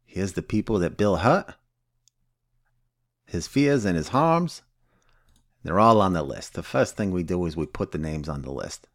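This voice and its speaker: A man's voice: sits low, expressive, unhurried, long pauses, no echo, studio quality, exaggerated voice. A man voicing Sober Patty, a blunt, foul-mouthed woman who sponsors people in recovery and teaches the steps casually with constant swearing. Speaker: recovery step instructor.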